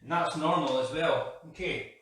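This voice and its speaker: A man's voice: a little high, normal speed, a bit bright. A man leading a live workout while exercising, out of breath and breathing hard as he talks. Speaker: fitness coach. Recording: echoey room, mic far off.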